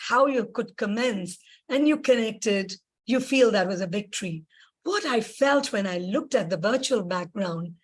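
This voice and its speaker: Woman, slow, breathy, formal evaluator, gracious. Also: fairly high pitch. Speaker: speech evaluator at a club meeting.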